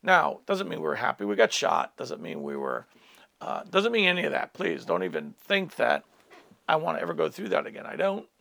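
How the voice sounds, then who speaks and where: A middle-aged male pastor tells a personal testimony to listeners in an earnest storytelling manner. His fairly high voice is heavily gravelly and swings widely up and down as he speaks. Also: huge pitch swings, brisk, sharp tone. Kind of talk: personal testimony in a teaching talk.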